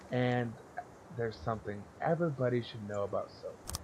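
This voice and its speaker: A man's voice: medium pitch, brisk, dull audio, slight background noise. A young man casually telling a story on a podcast, blunt and profane, rambling and laughing as he goes. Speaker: podcast co-host.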